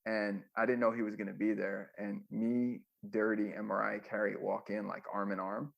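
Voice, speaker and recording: A man's voice: fairly low pitch, flat delivery, moderate pace, creaky, highs cut off. A man, a former music manager, telling rambling stories with many fillers in a casual interview.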